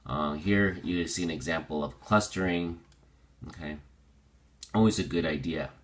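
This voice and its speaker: A male teacher with a low-pitched yet bright, forward voice walks through a vocabulary lesson. He drills pronunciation slowly and deliberately. He explains by repeating and rephrasing each point. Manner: explains with repetition and restatement.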